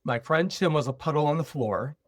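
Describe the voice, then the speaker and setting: A podcast guest tells a personal story, animatedly acting out both sides of a conversation he remembers. His voice is a little high and a little fast, and the recording is dry, with no echo and studio quality.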